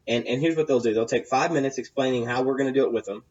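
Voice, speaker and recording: A man with a drawl talks through his sales tips in a loose, rambling way, circling back and repeating phrases as he goes. His voice sits at an ordinary middle pitch. The recording sounds a little dull and lo-fi. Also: quick pace, a little mellow. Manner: rambling and repetitive, with many fillers and restarts. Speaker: sales coach. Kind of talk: casual advice monologue.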